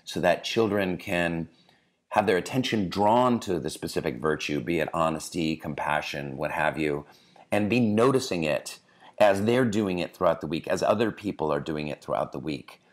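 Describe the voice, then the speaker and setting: With a low, animated voice at normal speed, a podcast host carries on an interview conversation. He's eager but fumbles through his questions, filling gaps as he searches for the right words.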